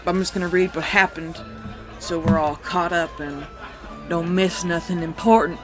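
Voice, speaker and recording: A man's voice: on the high side, fairly even intonation, normal speed, music in the background, poor audio. A man recapping tabletop game sessions alone in a casual, rambling way. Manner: rambling, with fillers and restarts.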